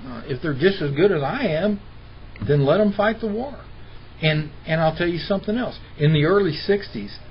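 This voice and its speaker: A middle-aged man telling stories in an interview, argumentative and mimicking the people he quotes. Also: on the high side. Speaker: interview guest. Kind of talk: impassioned personal storytelling. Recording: dull lo-fi recording with faint hiss.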